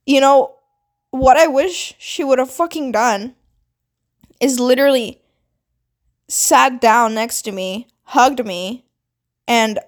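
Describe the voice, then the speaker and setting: A young adult woman with a somewhat high voice tells a personal story to camera. She talks casually, swearing freely and leaning on "like," and acts out what others said with lively emphasis. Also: slow pace, pauses often. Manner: casual, frequent swearing and "like" fillers; animated, dramatic retelling with quoted voices. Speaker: vlogger. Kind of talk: storytime monologue.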